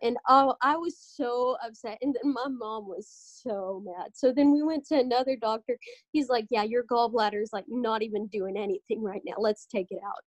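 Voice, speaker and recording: A young woman hosting a casual podcast chat, telling animated stories and acting out what doctors said to her. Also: a little high, normal speed, no echo. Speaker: podcast host.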